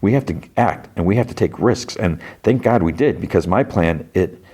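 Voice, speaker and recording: A man quoting a defiant teenage boy, low and insistent. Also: lively intonation, moderate pace, a little mellow, breathy edge. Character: defiant teenage boy standing up to his mother.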